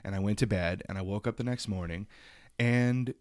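A man co-hosting a podcast chats easily in a lowish voice. His talk is animated and full of fillers and small restarts. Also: normal speed. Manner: chatty and animated, laughs often, many fillers. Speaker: podcast co-host. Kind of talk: casual chat.

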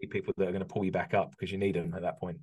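Low-voiced reflective British man. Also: flat delivery, racing, a little mellow, husky. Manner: reflective, many restarts and ums. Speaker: podcast guest, business owner. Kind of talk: candid conversational interview.

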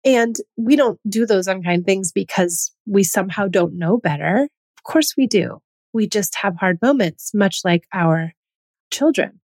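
A woman in her thirties hosting a solo podcast, explaining her views in an earnest, gently persuasive way. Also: mid-range voice, no room sound. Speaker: podcast host.

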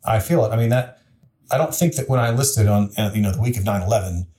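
A man's voice: fairly low pitch, fast, dark tone. A man in his forties, a city council member and interview guest, telling a story in an earnest, plainspoken way with frequent restarts. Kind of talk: candid conversational storytelling.

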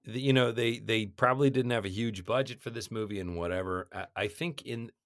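Male podcast co-host, low voice, animated talk, dry mic. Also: fairly quick, no echo. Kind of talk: casual movie discussion.

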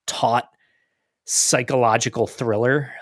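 A man's voice: mid-range voice, fairly even intonation, takes it slowly, dry recording, clean studio sound. A man co-hosting a podcast, talking in an enthusiastic, casual way and often restarting his phrases. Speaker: podcast co-host. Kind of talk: casual chat.

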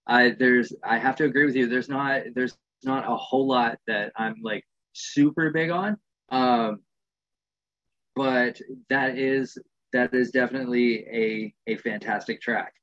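Laid-back American male host, mid-pitched, slightly muffled recording. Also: a bit bright. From United States. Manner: laid-back, rambling, swears casually. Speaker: podcast host. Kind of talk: casual interview.

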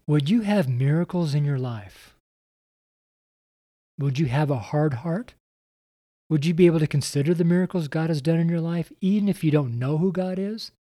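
Earnest mellow-voiced man preaching. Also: a little high, dry recording, clean studio sound. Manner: earnest, repetitive, direct address to listener. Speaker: podcast preacher. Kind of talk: evangelistic podcast sermon.

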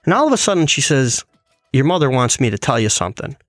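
A man's voice: medium pitch, quick pace, no echo, clean studio sound, faint music behind. A man casually telling a personal story and acting out what others said in it. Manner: animated, quoting others in his retelling.

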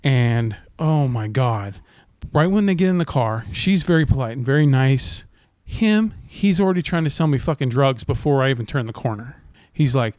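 A man's voice: mid-range voice, animated, brisk, hardly any pauses, darkish tone, no echo, studio quality. A man on a casual podcast, telling a long story, swearing a lot and acting out the voices of the people in it. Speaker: podcast co-host.

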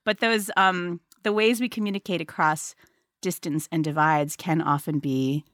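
A middle-aged woman interviewing an author about his book, animated and laughing often as she talks. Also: lowish voice, normal speed, no room sound, clean studio sound.

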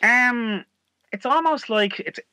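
A man with an Irish accent, a comedian guest in casual chat, animated and acting out quoted lines. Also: very high-pitched, takes it slowly, no echo.

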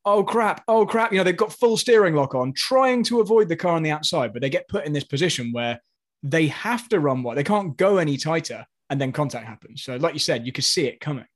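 A man guesting on a motorsport podcast, explaining incidents in a measured, analytical way. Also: a little high, lively intonation. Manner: measured, explanatory, repeats starts. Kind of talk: casual analytical chat.

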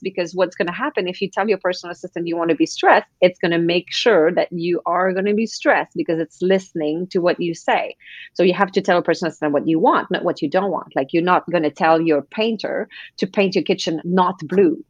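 A woman's voice: on the low side, steady tone, a little fast, no echo, lo-fi sound. A woman coach being interviewed on a podcast. She speaks animatedly and acts out quoted voices. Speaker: guest coach.

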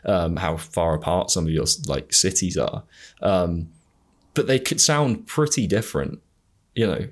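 Low-voiced southern English man, rambling. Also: expressive, a little slow. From England. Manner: rambling, hesitant, many fillers. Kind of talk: casual chat.

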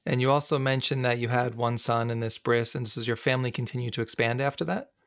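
A male podcast host asking a guest a question in a brisk, smooth manner. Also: mid-range voice, fairly even intonation, a bit bright, dry recording, studio quality. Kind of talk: interview question.

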